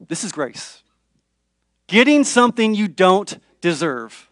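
High-pitched guy preaching, dramatic, drops real quiet then gets loud, dry close sound. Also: sing-song, unhurried, no echo. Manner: dramatic, shifts between hushed and raised voice for quoted figures. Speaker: pastor. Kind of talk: sermon.

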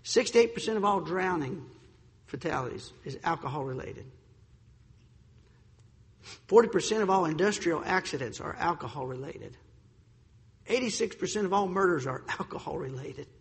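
A male preacher with a high-pitched voice delivers a sermon in an emphatic, deliberate way, drawing out the words he wants to land. He sometimes trips over a word and restarts. His voice rings out in a long hall reverb. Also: lively intonation. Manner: emphatic, slows for stressed points, stumbles on words.

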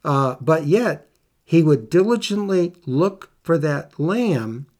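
A man's voice: fairly high pitch, expressive, unhurried, darkish tone. A man preaching a Bible lesson, reading scripture aloud and putting earnest questions to his listeners.

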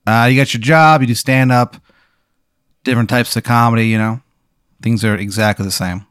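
A young man hosting a comedy podcast, telling an improvised absurd story with deadpan delivery. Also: medium pitch, normal speed, smooth, no room sound, studio quality. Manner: deadpan, building absurd scenarios.

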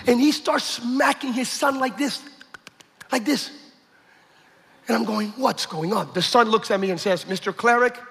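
A man preaching a sermon, telling a story with acted-out quotes and building to shouts. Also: very high-pitched, moderate pace, vocal fry, long pauses. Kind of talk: sermon testimony. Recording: echoey hall with long reverb.

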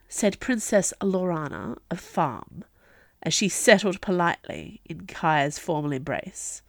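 A woman narrating a fantasy novel in an expressive storytelling manner. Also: sits low, a little slow, no echo, studio quality. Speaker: audiobook narrator. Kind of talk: scripted fiction narration.

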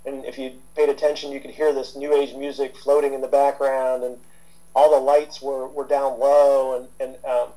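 A man's voice: medium pitch, flat delivery, moderate pace, warm tone, low-quality recording. A man in his fifties, a therapist being interviewed, talking casually with lots of fillers and restarts. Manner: rambling, with many fillers and restarts. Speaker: guest therapist.

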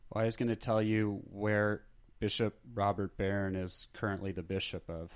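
Low-voiced man, rambling jokey podcast host. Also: level tone, moderate pace, clear, resonant tone. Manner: rambling, jokey, self-deprecating. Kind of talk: casual chat.

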